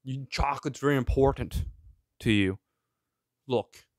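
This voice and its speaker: A man's voice: mid-range voice, a little slow, dry recording, clean studio sound. A man hosting his own show, ranting sarcastically through current events with one rhetorical question after another. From of Greek heritage. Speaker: show host. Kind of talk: ranting solo commentary.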